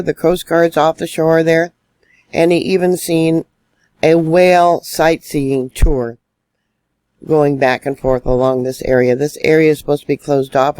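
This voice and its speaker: A man's voice: a little high, a little mellow, clear, resonant tone, no room sound. A man giving solo online news commentary, indignant and emphatic as he stresses warnings.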